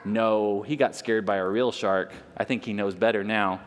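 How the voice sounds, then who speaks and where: A man in a library reading a picture book aloud to children, playful and animated, asking them questions. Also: lowish voice, moderate pace, clear, resonant tone. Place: library story room. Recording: long reverb in a large room.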